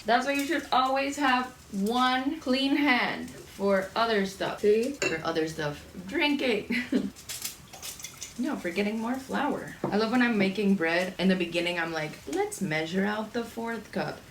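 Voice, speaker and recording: A woman's voice: medium pitch, a little slow, roomy sound, noisy background. Chatty, swearing young woman in a kitchen. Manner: chatty, profane, rambling storyteller. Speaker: cooking vlogger. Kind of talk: casual cooking chat. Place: home kitchen.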